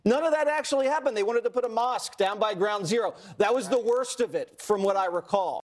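A man's voice: high voice, a little fast. A man hosting cable news commentary, talking in a dismissive, glib way. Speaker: TV news host.

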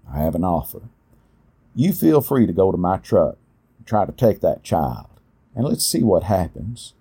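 A middle-aged man telling a personal story in a folksy, unhurried way. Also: lowish voice, dark tone, breathy edge. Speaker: storyteller, podcast host. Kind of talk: storytelling narration.

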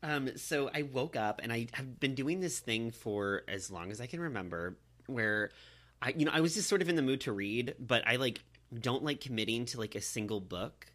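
A man's voice: mid-range voice, expressive, moderate pace, fairly bright tone. A man in casual podcast chat, telling stories playfully and laughing between phrases.

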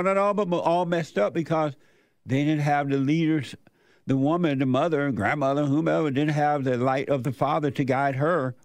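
A man's voice: on the high side, no room sound. An older man hosting a radio talk show, preaching his opinions in an emphatic, repetitive way.

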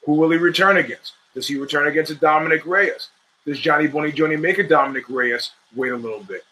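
Bright-voiced opinionated sports podcast host. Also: male voice, a little high, fast talker, low-quality recording. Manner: rambling, opinionated, restarts mid-sentence; profane, streetwise talk. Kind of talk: casual sports commentary monologue.

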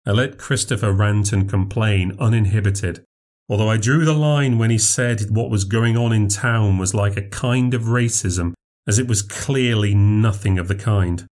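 A man with a British accent narrating a horror story in a measured, dry way. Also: lowish voice, darkish tone.

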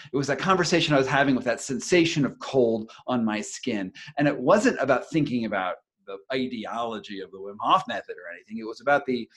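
A middle-aged man talks in a relaxed conversational interview, recounting events at length. His delivery rambles, full of fillers and false starts, and turns animated as he tells the story. His voice sits at a typical male pitch. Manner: rambling, many fillers and restarts, animated retelling. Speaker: investigative journalist and author, interview guest.

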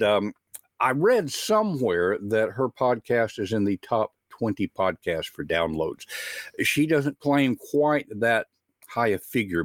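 Southern man, show host, folksy and chatty, dry close sound, mid-pitched voice. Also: no room sound. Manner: folksy, chatty, with frequent filler words. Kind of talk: live talk show introduction.

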